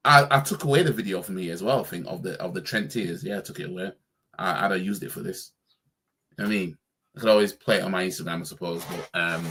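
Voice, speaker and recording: A man's voice: sits low, fairly bright tone, a little hiss or hum. A man reacting casually on a stream as a football fan, with a slangy, stumbling way of talking.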